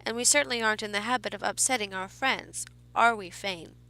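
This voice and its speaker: An elegant male ringmaster who speaks gently and calmly, trying to comfort, as a woman voices him in a story reading. His tone is soft and soothing, never rushed. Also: mid-range voice. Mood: gentle. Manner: gentle and calm.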